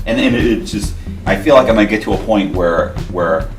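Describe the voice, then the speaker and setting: Very deep-voiced wry host, echoey. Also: male voice, brisk, recorded from a distance. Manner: wry, self-deprecating, rambling. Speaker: interview host. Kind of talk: candid podcast interview chat. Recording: echoey room from off-mic, clear music behind.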